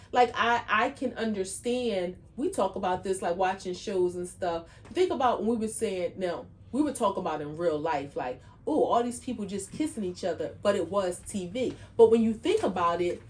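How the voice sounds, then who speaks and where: A woman cohosting a podcast in casual chat, animated and peppered with "like". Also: medium pitch. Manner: animated, frequent "like" fillers.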